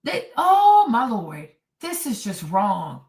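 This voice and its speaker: A woman's voice: on the high side, wildly swooping pitch, takes it slowly, gravelly, darkish tone. A woman hosting a commentary show, reacting to clips with indignant, mocking sarcasm. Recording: echoey room, distant mic.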